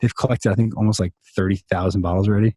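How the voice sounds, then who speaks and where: Guy on a video call, kinda low voice, rambly, lots of restarts and likes. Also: fairly even intonation, rapid-fire, mellow, no room sound, studio quality. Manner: rambling, many restarts and fillers. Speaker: songwriter guest. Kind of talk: casual interview storytelling. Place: home, over a video call.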